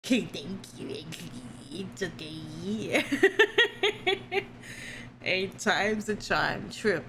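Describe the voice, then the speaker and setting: A woman streamer chatting casually with her viewers, excitable and squealing, swearing freely. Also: lowish voice, very slow. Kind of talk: casual live-stream chat.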